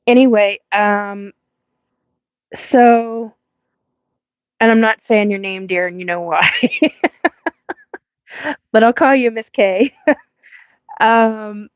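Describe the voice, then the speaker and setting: A woman's voice: mid-range voice, slow, long pauses, clear, resonant tone, dry recording, muffled recording. A woman hosting a live paranormal stream, telling a rambling story with swearing and frequent laughs. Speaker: host of a live paranormal show.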